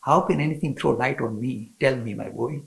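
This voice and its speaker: A man voicing a serene, loving mother goddess who gently teaches a child. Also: mid-range voice, normal speed, creaky. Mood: gentle teaching. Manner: calm, gently instructive, addressing a child.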